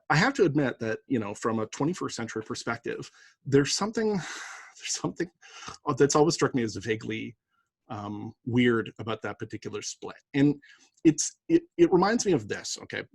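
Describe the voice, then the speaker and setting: A man lecturing to a class in a loose, conversational manner, checking in with "right?" as he goes. His mid-range voice has a husky edge. The sound is dry, with no room echo. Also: mid-range voice, lively intonation, a little fast. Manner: conversational, many fillers and "right?" asides. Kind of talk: university lecture.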